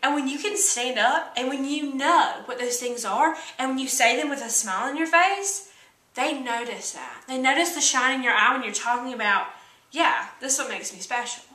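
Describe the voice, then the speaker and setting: A woman's voice: sits high, moderate pace, sharp tone, reverberant, recorded from a distance, rough recording. A young woman with a rural American country accent, co-hosting a motivational vlog in a chatty, earnest way. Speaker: co-host. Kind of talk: casual motivational vlog talk. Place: indoor room with a kitchen counter.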